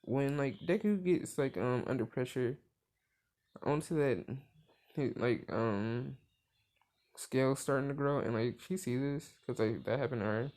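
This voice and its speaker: A man's voice: medium pitch, unhurried, a little mellow. A young man casually retelling a fan story, rambling with lots of filler words and profanity.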